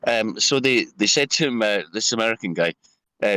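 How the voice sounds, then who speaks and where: A man's voice: fairly low pitch, lively intonation, brisk, sharp tone, no echo, low-quality recording. A man telling a rambling, sweary story in casual chat on a livestream panel. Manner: rambling, sweary, full of fillers.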